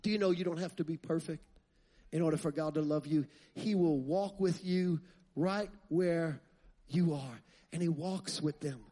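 Guy preaching a sermon, pretty high voice, keeps asking the crowd questions and ramping up loud. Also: normal speed. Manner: rhetorical questions to the congregation, building to loud fervent passages.

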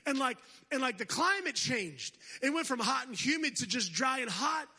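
A man's voice: very high voice, big pitch swings, normal speed, pushed and bright, slightly rough. A man preaching as a guest speaker at a church service, exhorting the congregation, calling for responses and adding humorous asides. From United States. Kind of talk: energetic sermon.

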